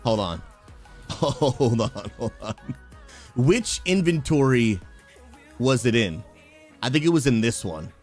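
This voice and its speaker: A man, a pastor who streams games, chatting live with his viewers and calling them bro, bursting into shouts and laughter. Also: medium pitch, very animated, unhurried, long pauses, faint music behind. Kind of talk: live gaming stream chat.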